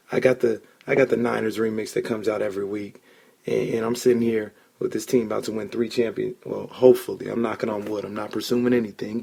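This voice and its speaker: A man hosting a casual sports podcast, an excitable storyteller who swears when he gets worked up. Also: on the low side, creaky, husky. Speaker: podcast host.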